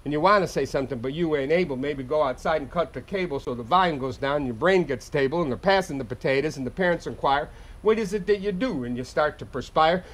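A man performing live spoken-word comedy at a house concert, with a rapid-fire, profane, rhyming delivery. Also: a little high. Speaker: touring singer-songwriter.

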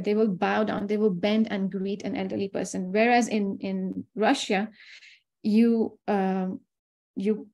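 A woman's voice: mid-range voice, dark tone. A woman from India giving a personal webinar talk, chatty and storytelling, acting out the people she quotes. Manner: chatty storyteller who acts out quoted dialogue. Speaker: webinar speaker.

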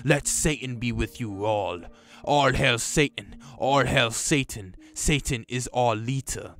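A man voicing an evil male cartoon dog, chanting slowly in a loud, deep, distorted voice. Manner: slow, chanting.

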